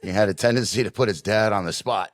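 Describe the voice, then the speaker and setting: A man's voice: lowish voice, fast, no room sound, clean studio sound. A man co-hosting a podcast, telling a funny family story with lots of restarts and acted-out voices. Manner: animated storyteller, acts out voices, many restarts. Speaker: podcast co-host. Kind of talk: casual storytelling.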